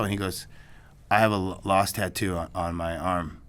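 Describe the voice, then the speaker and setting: Male guest, low-pitched, loose and rambling anecdote teller. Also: fairly even intonation, moderate pace, fairly bright tone, smooth. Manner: rambling, many restarts and "you know what I mean". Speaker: filmmaker guest. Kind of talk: casual storytelling in an interview.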